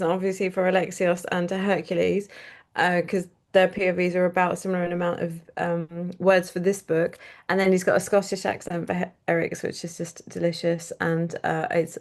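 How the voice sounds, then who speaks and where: A woman author speaking as a guest in a casual online interview. Her voice is slightly low, and she gushes with enthusiasm about her work, often breaking into laughter.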